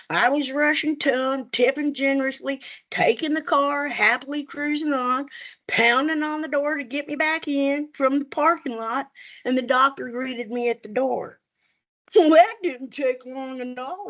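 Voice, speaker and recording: A woman's voice: fairly high pitch, a bit bright. A woman reading her own comic personal story aloud at a reading, with folksy Southern turns of phrase. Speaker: student reader. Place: reading event room.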